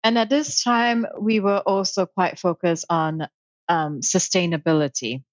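A woman guest speaking in a thoughtful, measured way, with frequent ums and light laughs, about her career. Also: lowish voice, no echo, highs cut off. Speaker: interview guest, author and founder. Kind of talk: casual conversational interview.

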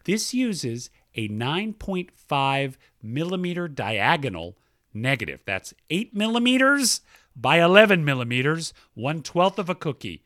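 A man's voice: on the high side, sing-song, measured pace, fairly bright tone, no room sound, clean studio sound. A male podcast co-host in casual chat, enthusiastically reading out listener mail.

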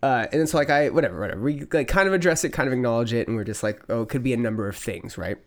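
A man's voice: mid-range voice, expressive, rapid-fire. A man hosting a podcast, telling a long story in loose casual chat with lots of swearing and fillers. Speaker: podcast host.

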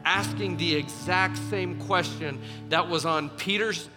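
A young man preaching to students as a youth pastor, telling the story in a casual, animated way with many fillers. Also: high-pitched, unhurried. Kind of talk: sermon. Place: church auditorium. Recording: large hall with long reverb, faint music.

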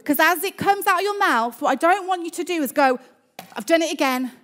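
A woman's voice: extremely high pitch, lively intonation, fast talker, fairly bright tone. A woman preaching a sermon in church, emphatic, repeating her phrases and calling for an amen.

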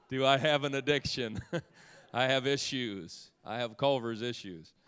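A man's voice: mid-range voice, slow, fairly bright tone, smooth. A man preaching a playful sermon to a congregation, joking at first and then rising into fervent proclamation. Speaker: pastor. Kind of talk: humorous sermon. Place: church sanctuary. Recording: long reverb in a church hall.

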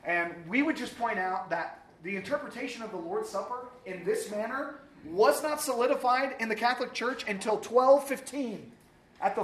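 A man teaching a casual sermon in a church, lively and joking, with many fillers and questions to the room. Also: extremely high pitch, echoey room, a little hiss or hum.

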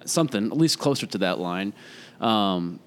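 A man chatting casually on a podcast, quick, talkative and opinionated. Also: fairly low pitch, animated, smooth. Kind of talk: casual chat.

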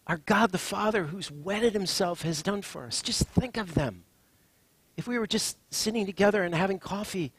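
A man preaching a sermon as a pastor, swinging from hushed, drawn-out phrases to emphatic lines. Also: high-pitched, husky, dry recording.

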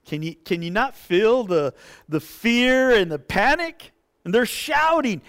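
A male pastor preaching a sermon, expressive, rising into impassioned pleading. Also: high voice, a little slow.

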